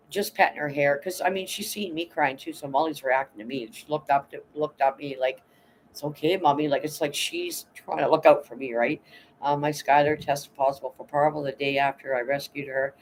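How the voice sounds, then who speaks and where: A woman's voice: sits low, rough recording. Middle-aged woman, from Canada, casual livestream chat, profane and emotional, faint background noise. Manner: blunt, profane, emotional, greets viewers. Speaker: livestream host.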